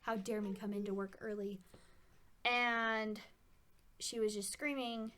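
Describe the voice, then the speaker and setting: A woman's voice: mid-range voice, fairly even intonation, unhurried, a bit bright. A woman telling a story in a casual, rambling way, with wry asides about herself. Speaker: vlogger.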